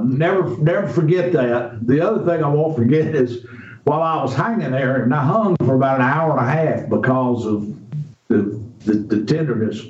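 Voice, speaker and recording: An older man with a drawl tells a story in a folksy, unhurried way. His words come very slowly and steadily. He sits back from the mic in a roomy space, and the sound is muffled. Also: fairly high pitch, a little mellow. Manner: slow, folksy, drawn-out storytelling. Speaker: radio guest. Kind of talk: storytelling in a radio interview. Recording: roomy, distant, dull radio recording.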